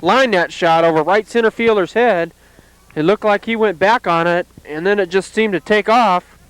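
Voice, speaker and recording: A man calling play-by-play at an amateur softball game outdoors, in a calm, steady, plainly descriptive way. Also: sits high, normal speed, clear, resonant tone, no room sound, rough recording. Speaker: play-by-play announcer.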